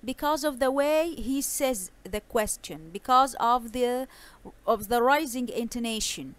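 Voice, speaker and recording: A young woman teaching an online English lesson, speaking slowly and clearly and reading dialogues aloud with marked intonation. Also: on the high side.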